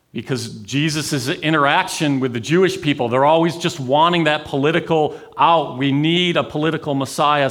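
A man preaching a sermon, telling the story with dramatic swings between raised intensity and near-whispered pauses. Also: on the high side. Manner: dramatic, swings from loud to hushed. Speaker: pastor.

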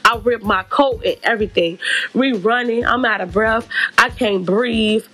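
A woman telling a personal story in a casual, animated and profane storytime monologue. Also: a little high, measured pace. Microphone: podcast mic.

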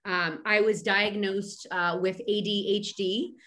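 This middle-aged woman from Philadelphia, a medium and podcast guest, speaks slowly at medium pitch with a level, fairly bright tone. She is chatty in the casual interview, restarting often and filling pauses.

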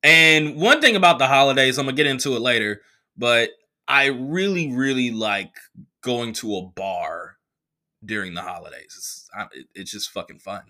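A young male comedian from the Bay Area tells a loose, profane story on his show. His pitch jumps wildly as he acts out the people he quotes. His tone is bright and punchy. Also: lively intonation, moderate pace. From San Francisco Bay Area. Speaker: comedian podcast host. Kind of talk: casual storytelling monologue.

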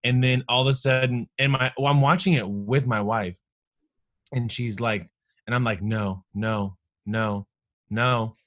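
A man in his thirties talks in a casual, earnest way, drawing out his thoughts in long reflective phrases. His voice sits at an ordinary middle pitch. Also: steady tone, normal speed, a bit bright, no echo, studio quality. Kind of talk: casual chat.

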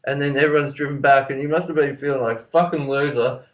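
A man's voice: mid-range voice, steady tone, fast talker. An Australian man, a podcast guest, telling a long rambling story with plenty of swearing, fillers and restarts. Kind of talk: casual storytelling.

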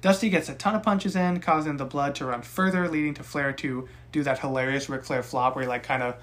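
A young man co-hosting a casual podcast, recapping a wrestling match with profane, animated rants. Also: medium pitch, brisk. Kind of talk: casual chat.

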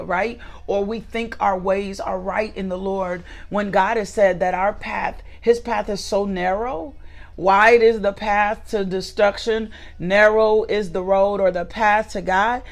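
Female devotional preacher, fervent and repetitive, mid pitch, grows emphatic. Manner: fillers and restarts, talks directly to listeners. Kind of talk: morning devotional sermon.

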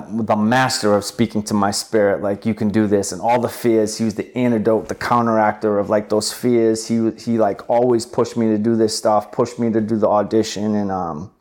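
Brief: young man, low voice, animated storyteller, lots of "like" and "um". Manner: animated retelling with filler words. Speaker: interview guest. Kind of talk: conversational storytelling.

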